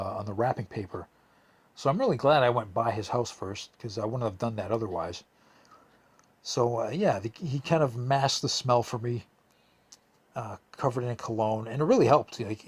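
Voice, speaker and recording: Man, young adult, podcast host, casual storytelling, slightly drunk, profane, husky. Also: fairly low pitch. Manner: rambling, profane, with many fillers and restarts. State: a bit drunk, slurring.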